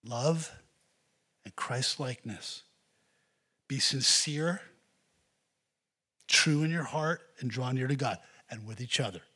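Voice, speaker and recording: Husky-voiced man preaching. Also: medium pitch, takes it slowly, pauses often, sharp tone. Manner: earnest, exhorting the congregation. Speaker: pastor. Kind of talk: sermon.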